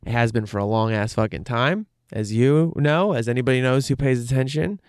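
A man thinks out loud in a loose, candid monologue, swearing freely and circling back with fillers. His voice is smooth and clear, recorded close and dry. The pitch sits in an ordinary middle range. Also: brisk, no room sound. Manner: candid and profane, rambling with fillers. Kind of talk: casual monologue.

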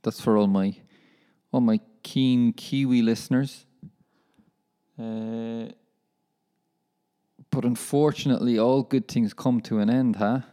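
A man's voice: medium pitch, fairly even intonation, slow pace, long pauses, dark tone, clear, resonant tone. A young man hosting a casual solo podcast, chatting in a rambling, self-deprecating way and calling his listeners lads. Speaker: professional footballer and podcast host.

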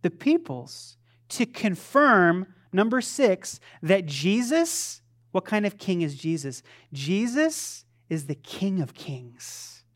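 This pastor's sermon comes in a high, sing-song, fairly bright voice at a slow pace. His manner is conversational: he jokes at his own expense, keeps starting sentences over, and quizzes his listeners in the congregation.

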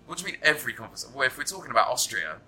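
A man's voice: mid-range voice, big pitch swings, racing, bright, forceful tone, low-quality recording. A man hosting a podcast, rambling and joking casually with frequent swearing. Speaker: podcast host. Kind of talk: casual chat.

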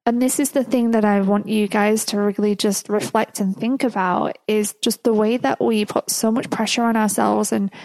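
A woman hosts her own podcast and tells a personal story in a loose, chatty way, breaking into laughter often. Her voice sits at an ordinary middle pitch. The recording is dry and close, with no room sound. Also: a little mellow, dry recording. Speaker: podcast host.

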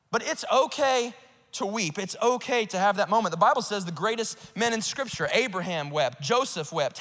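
A male pastor preaching a sermon, swinging between urgent outbursts and hushed, earnest asides. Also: high-pitched, in a large hall. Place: church auditorium.

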